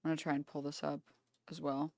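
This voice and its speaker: A woman's voice: sits low, flat delivery, fast, gravelly, darkish tone, no room sound, clean studio sound. A woman live streamer in casual reaction mode, reading messages aloud in an offhand, stumbling way with blunt swearing asides.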